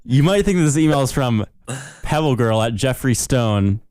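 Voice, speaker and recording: A man's voice: medium pitch, expressive, normal speed, darkish tone, clean tone, no room sound, clean studio sound. A young man co-hosting a podcast in casual chat, reading a listener email aloud and laughing often. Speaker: podcast co-host.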